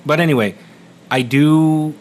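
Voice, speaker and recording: A man's voice: fairly high pitch, a little slow, slight background noise. A man co-hosting a podcast, talking casually in a small studio, rambling and laughing often with lots of fillers. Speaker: podcast co-host. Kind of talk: casual chat.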